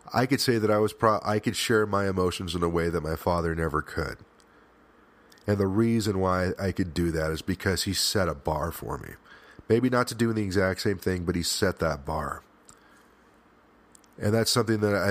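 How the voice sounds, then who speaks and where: Speaking in a very deep voice, this man works through a personal monologue on his podcast with sincerity and visible feeling. His thoughts frequently break off and start over, padded with fillers and the occasional swear word.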